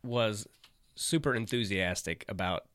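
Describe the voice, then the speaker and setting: A man's voice: lowish voice, unhurried, fairly bright tone, clear, resonant tone, no room sound. A middle-aged man, a stand-up comedian, telling a story in casual, laid-back chat, swearing and livening up when he quotes friends.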